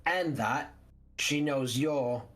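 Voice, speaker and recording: A brusque streetwise vampire driver, as a game master puts him on, talking full of slang. He snaps out short orders and expects to be obeyed. His pitch sits in a natural middle register. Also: slow, a bit bright, soft background music. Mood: gruff. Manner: curt orders, rough slang.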